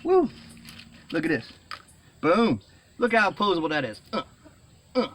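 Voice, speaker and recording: A middle-aged man rambling excitedly in a casual vlog, full of fillers and restarts, saying he is sweating. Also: high voice, unhurried, a little hiss or hum. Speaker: vlogger.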